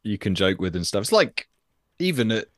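A man co-hosting a podcast, chiming in with relaxed, chatty asides. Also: fairly low pitch, moderate pace, no room sound, clean studio sound. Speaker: podcast co-host. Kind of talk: casual chat.

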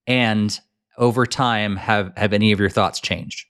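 A man's voice: fairly low pitch, steady tone, unhurried, fairly bright tone, clean tone. A man hosting a podcast, chatting casually, rambling with fillers before asking his co-host questions. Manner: rambling, many fillers and restarts, asks questions.

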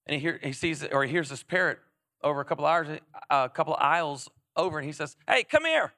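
A young adult male pastor preaching a lively sermon, emphatic, repeating phrases and prompting his audience to respond. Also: a little high, fast talker, no room sound, clean studio sound.

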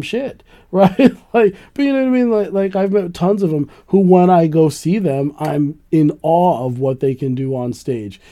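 A man in casual conversation, rambling and animated, laughing often and swearing now and then. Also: fairly high pitch. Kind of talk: casual chat.

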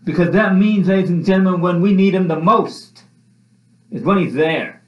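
A man's voice: high-pitched, normal speed. A man preaching a sermon with passion, repeating his phrases as his voice rises and falls. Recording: echoey room, dull lo-fi sound.

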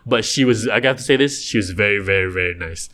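Animated man, bright voice. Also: fairly low pitch, fast talker. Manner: animated, rambling with restarts. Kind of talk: casual chat.

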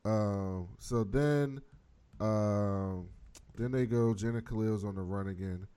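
A man's voice: fairly low pitch, slow pace, mellow, clean tone. A man casually recapping a TV episode, profane and laid-back, acting out the characters' lines as he goes. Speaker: podcast host.

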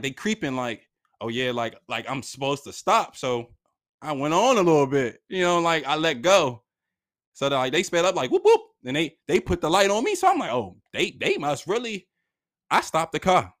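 A man's voice: high-pitched, a bit bright. A man telling a story from his own life in casual, slangy talk, acting out the voices of the people in it.

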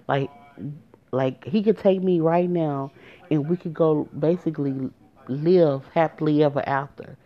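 A woman's voice: deep voice, a little slow. A woman telling a personal story in a casual, emotional way, speaking directly to her listeners. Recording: muffled lo-fi recording.

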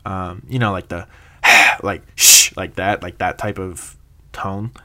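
A young man with a somewhat low voice tells a story in a loose, rambling way. He laughs often and stops for plenty of "uh"s and "um"s as he goes. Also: steady tone, slow, pushed and bright. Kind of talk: casual storytelling monologue.

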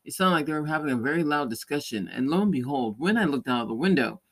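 A man's voice: fairly high pitch, expressive, fast, fairly bright tone. A man hosting a podcast, telling a rambling story in casual chat, with many restarts and light laughs. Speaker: podcast host; parent or caregiver.

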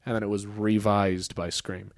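A man co-hosting a podcast in casual chat, talking freely with fillers and getting animated when he makes a point. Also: fairly low pitch, moderate pace, dry recording. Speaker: podcast co-host.

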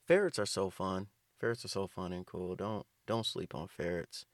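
A man's voice: deep voice, moderate pace, no room sound, studio quality. A man delivering a rambling, profane comedic rant, riffing loosely and restarting his sentences. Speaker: comedic host.

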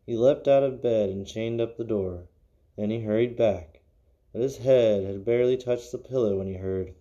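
A man hosting an unscripted podcast, reading stories and musing casually, his voice sinking low and quiet at the ends of phrases. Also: moderate pace, dull audio. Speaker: podcast host.

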